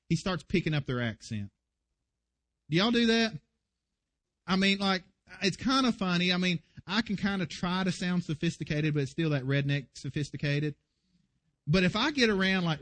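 A man preaching a sermon as pastor, earnest and emphatic. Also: high voice.

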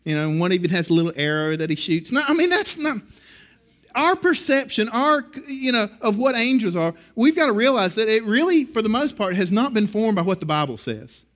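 A middle-aged man preaching a sermon in a conversational, animated way, often restarting his phrases. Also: high voice, fairly quick. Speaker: pastor.

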